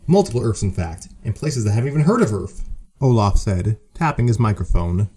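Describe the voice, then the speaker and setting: A man's voice: fairly low pitch, big pitch swings, a little fast, darkish tone. A man hosting a story show and narrating a fan story, with dry, self-mocking humor. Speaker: host and narrator.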